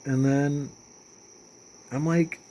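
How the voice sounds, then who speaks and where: A young man talking in a casual vlog monologue, rambling with lots of fillers and swearing, getting animated as he retells stories. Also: on the high side, drawn-out words, a little hiss or hum. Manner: rambling, profane, with many fillers and restarts. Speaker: vlogger.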